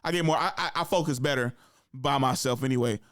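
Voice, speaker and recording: A man's voice: mid-range voice, quick pace, fairly bright tone, no echo, clean studio sound. A young man hosting a podcast, telling stories in a laid-back way, acting out quoted lines in a raised voice and laughing often. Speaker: podcast host. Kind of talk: casual chat.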